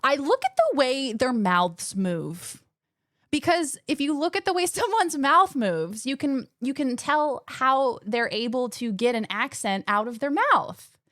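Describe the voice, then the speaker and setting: A woman streamer chatting casually with her viewers, animated and rambling, often restarting her sentences. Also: sits high, unhurried, no echo, clean studio sound. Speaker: gaming streamer.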